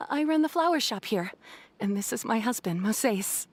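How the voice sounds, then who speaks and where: An actress voicing a cheerful, gentle young flower shop owner in a game, sweet and welcoming. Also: female voice, on the high side, animated, normal speed. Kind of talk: game character dialogue.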